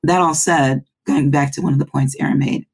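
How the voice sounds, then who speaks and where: A woman audiobook narrator in a casual roundtable chat, speaking in halting bursts with many restarts. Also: low-pitched, fairly even intonation, vocal fry, breathy edge. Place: home recording booth.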